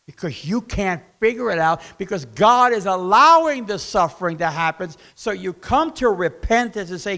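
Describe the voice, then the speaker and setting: A man preaches a sermon as the church's pastor, his voice set high with a rough, gravelly edge. He swings from loud bursts to hushed asides and acts out the voices in his quoted dialogue. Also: lively intonation, moderate pace.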